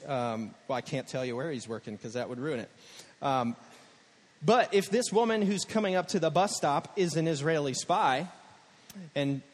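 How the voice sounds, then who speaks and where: A man's voice: on the high side, big-room sound. A man preaching a sermon as a pastor, telling stories casually and acting out the quotes. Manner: conversational storytelling, acts out quotes.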